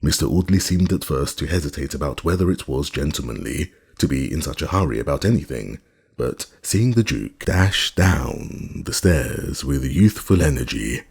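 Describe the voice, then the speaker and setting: Very deep, gravelly male narrator. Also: darkish tone. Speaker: audiobook narrator. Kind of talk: scripted narration.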